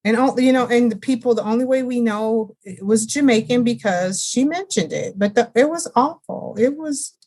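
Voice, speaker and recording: A woman's voice: on the high side, a little mellow. A woman co-hosting a casual book-chat podcast, chatty and emphatic in her opinions. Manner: emphatic, drawn-out complaints, chatty. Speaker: podcast co-host.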